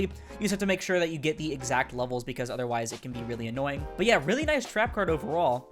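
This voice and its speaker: A man's voice: sits high, a bit bright. A man reviewing a card game deck in casual, rambling talk, speaking with a sick voice. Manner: fast, rambling, with fillers and swearing. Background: faint background music.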